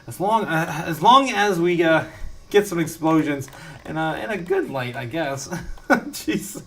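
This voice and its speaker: In a slightly high voice with big pitch swings, a man unhurriedly hosts a casual home-studio live stream and reads out viewer messages. He rambles and laughs often, with many fillers and restarts.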